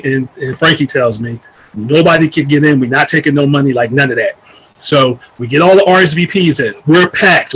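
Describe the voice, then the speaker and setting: A man casually telling a long story, animated and profane, acting out what people said. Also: a little high, breathy edge, low-quality recording. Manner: animated, profane, acts out quoted voices.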